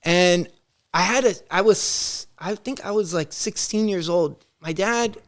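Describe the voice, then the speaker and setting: High-voiced man telling animated stories. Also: unhurried. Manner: animated, acts out quoted dialogue; rambling with many restarts. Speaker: podcast guest. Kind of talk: casual storytelling.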